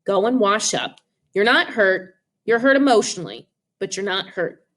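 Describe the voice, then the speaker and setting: A woman voicing a brisk mother who reassures her son firmly in an audiobook reading. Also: mid-range voice, expressive, a bit bright, voice pushed down, natural voice. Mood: reassuring. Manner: firm, reassuring. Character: mother, brisk and reassuring, quick to laugh things off.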